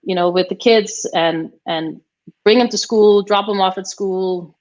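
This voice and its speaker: On slightly dull, muffled audio, a guest who used to play tennis chats casually at a measured pace. Her medium-pitched voice is a little mellow, and she rambles somewhat, with many fillers and restarts.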